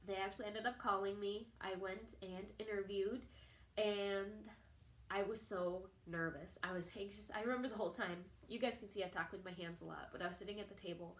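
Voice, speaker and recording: A young woman talking straight to her camera, telling a personal story in a chatty, animated way and acting out other people's lines. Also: a little fast. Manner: chatty, animated, acts out quoted people in a higher voice. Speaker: vlogger. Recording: echoey room.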